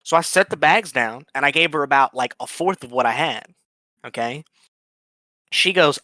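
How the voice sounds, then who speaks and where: Bright, animated storytelling man. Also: moderate pace, no room sound. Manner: animated, acts out quotes with big pitch jumps; blunt and profane. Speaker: podcast guest. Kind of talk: casual storytelling.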